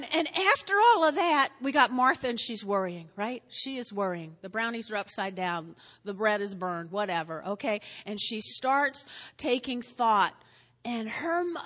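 A woman teaching a lively Bible lesson to a live group, acting out scenes and chatting with her listeners in a church meeting room. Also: high-pitched. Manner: animated, acts out scenes, chatty asides to listeners. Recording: reverberant hall.

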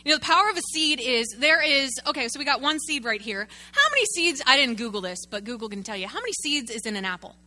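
An animated woman pastor delivering a sermon, her voice high and very bright. She keeps calling out to the congregation and drawing them in with questions. Her delivery is lively and direct. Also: fast talker, few pauses. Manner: animated, talks with the congregation, uses a prop.

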